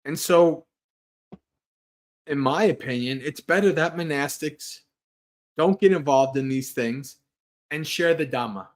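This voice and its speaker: High-voiced monk talking casually. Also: male voice, a little slow, pauses often. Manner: rambling and earnest, with frequent restarts and light laughs. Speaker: Buddhist monk hosting a livestream. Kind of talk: casual Dharma talk and Q&A.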